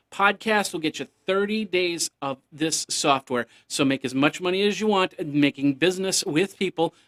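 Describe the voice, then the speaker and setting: Man, tech podcast host, casual solo show, rambling, jokey, slightly high voice. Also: fairly bright tone. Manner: rambling, jokey, makes beeping computer noises.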